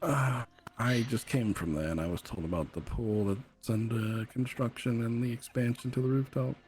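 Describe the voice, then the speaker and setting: Measured man in roleplay. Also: medium pitch, a little mellow, a little hiss or hum. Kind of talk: in-character roleplay chat.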